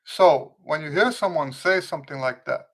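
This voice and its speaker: Easygoing male trumpet teacher, fairly high voice. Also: normal speed. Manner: relaxed and conversational, with frequent restarts and "okay?" check-ins. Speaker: trumpet teacher hosting a live Q&A. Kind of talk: casual livestream teaching, answering viewer questions.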